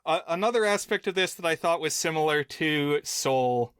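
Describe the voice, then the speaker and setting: Film podcast guy explaining plot stuff, kinda high voice, dead dry mic. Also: animated, moderate pace, fairly bright tone, clean tone, dry recording. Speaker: podcast co-host. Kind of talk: casual film discussion.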